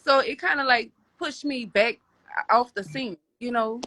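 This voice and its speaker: A woman's voice: a little high, a little slow, background noise. A woman telling a personal story as a podcast guest, rambling with many restarts and repeated words.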